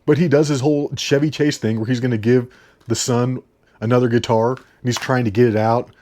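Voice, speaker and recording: A man's voice: mid-range voice, fairly even intonation, a little fast, a little mellow. A man talking casually about movies he watched, rambling, repeating himself and laughing often. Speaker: movie reviewer.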